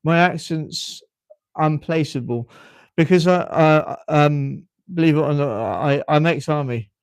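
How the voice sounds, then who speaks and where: A man's voice: a little high, a little slow, clean tone, no room sound. A British man in his fifties with a well-spoken accent, hosting a casual live chat and often stopping to repeat his words. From United Kingdom. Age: 50s. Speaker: livestream host.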